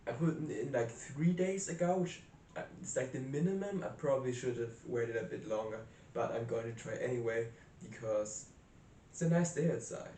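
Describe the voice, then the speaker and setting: Young male vlogger, easygoing and hesitant, lots of false starts, set back from the mic in a roomy space with a faint rumble. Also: normal speed, mellow, far from the mic. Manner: rambling, hesitant, many restarts and fillers. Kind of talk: casual rambling vlog. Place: small room indoors by a window. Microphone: camera set up close in a cramped room.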